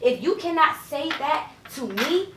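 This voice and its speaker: A woman makes her point with passion and emphasis. Her voice sits slightly high. She is a bit far from the mic in an echoey room. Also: very animated, measured pace, background noise. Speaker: guest. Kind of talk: casual group discussion.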